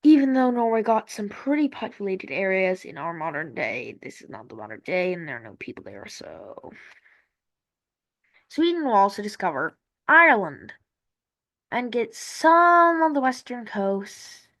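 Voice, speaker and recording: A woman's voice: medium pitch, very animated, unhurried, a bit bright. A woman casually narrating a map timeline. She rambles and corrects herself as she thinks aloud. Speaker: map-series creator.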